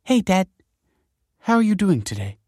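A man voicing a caring middle-aged mother in an audiobook, raising his voice into a high, lilting, tender tone. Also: big pitch swings, normal speed, dry recording, clean studio sound. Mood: gentle. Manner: high put-on voice, lilting and bright. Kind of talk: audiobook character voice.

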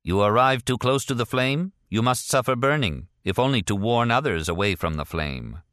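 A man voicing a cold, fatalistic executioner who speaks calmly and matter-of-factly. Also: medium pitch, moderate pace, dry recording, clean studio sound, pitched above the performer's own voice, lightly acted. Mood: detached. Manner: calm, matter-of-fact.

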